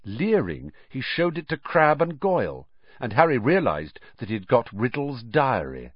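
A man narrating a children's fantasy audiobook in an expressive, animated reading. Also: mid-range voice, unhurried, breathy edge, no room sound, lo-fi sound. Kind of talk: scripted narration.

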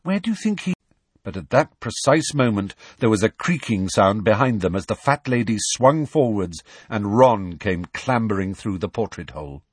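Husky-voiced man narrating a story. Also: fairly low pitch, no room sound. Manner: expressive storytelling. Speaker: audiobook narrator. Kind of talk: scripted narration.

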